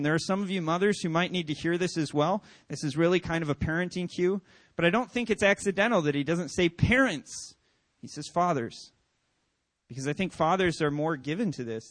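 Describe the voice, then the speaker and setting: Man, forties, pastor, sermon, earnest, emphatic, higher voice, dry close sound. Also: no room sound. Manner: earnest, builds to loud emphatic passages.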